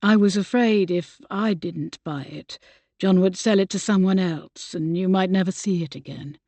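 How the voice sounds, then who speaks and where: A woman voicing an earnest Regency gentleman who is no longer young, speaking softly and with heartfelt gentleness. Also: lowish voice, moderate pace, no room sound, lightly acted. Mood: tender. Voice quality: soft and husky.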